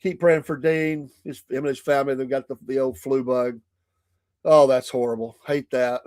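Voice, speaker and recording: A man's voice: mid-range voice, steady tone, moderate pace, darkish tone, dry recording. Chatty Southern man with a dry close sound. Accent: Southern American. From American South. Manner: chatty, laughs often, folksy. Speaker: morning show host. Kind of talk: casual livestream chat. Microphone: streaming mic.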